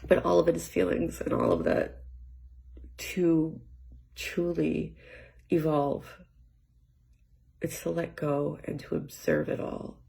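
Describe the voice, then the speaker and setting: A woman talking through her feelings in a rambling personal monologue at home, often dropping to a near-whisper, with halting restarts and light laughs. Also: low voice, little pitch movement, creaky. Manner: soft-spoken, often trailing into near-whispers. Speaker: vlogger. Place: home with cats.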